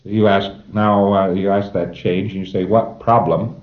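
A man's voice: low voice, little pitch movement, moderate pace, reverberant, highs cut off. A man giving an informal lecture to a class of trainees, emphatic and wry, chuckling at his own jokes.

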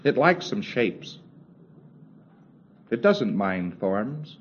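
A man's voice: lowish voice, sing-song, extremely slow, slightly rough. A man giving a recorded lecture in a conversational, wry way, acting out little exchanges and chuckling as he goes. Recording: dull lo-fi old tape with faint hiss.

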